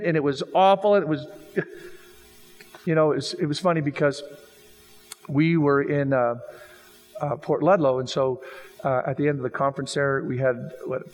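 Man, pastor, sermon, playful storytelling, slightly high voice, reverberant hall. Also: fairly quick. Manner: animated, jokey storytelling with acted-out quotes.

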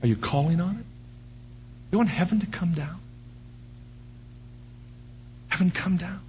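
An older man preaching a sermon, firing off rhetorical questions and breaking into animated shouts. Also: high voice, measured pace, long pauses, a little hiss or hum. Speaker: pastor.

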